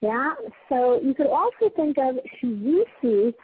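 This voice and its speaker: A woman's voice: high voice, big pitch swings, a little slow, phone-quality sound, slight background noise. A woman teaching a Torah class to a small group. She is earnest and emphatic, often restarts her phrases and checks in with her listeners. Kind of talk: spiritual lecture to a small group.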